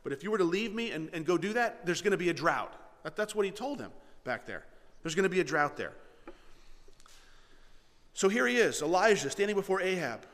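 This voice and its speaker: A man preaching a sermon as pastor, animated, acting out the dialogue of the story and swinging between loud and hushed delivery. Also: high-pitched, brisk. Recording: long hall reverb.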